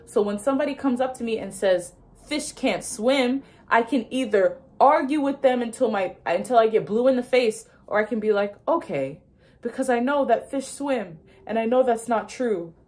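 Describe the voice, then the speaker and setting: A woman's voice: a little high, normal speed, darkish tone. A young woman who talks casually and emphatically, laughing often and acting out inner voices as she explains ideas to her viewers. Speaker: manifestation content creator.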